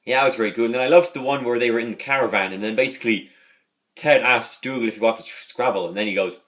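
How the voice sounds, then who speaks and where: A man's voice: medium pitch, quick pace, a bit bright. A man hosting a casual review, talking in a rambling, enthusiastic way with many fillers. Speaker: video host.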